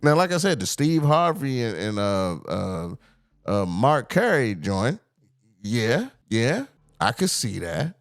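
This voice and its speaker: Man, podcast host, casual profane chat, animated, very lively pitch, dry recording. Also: takes it slowly, no room sound. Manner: animated, profane, mimics voices.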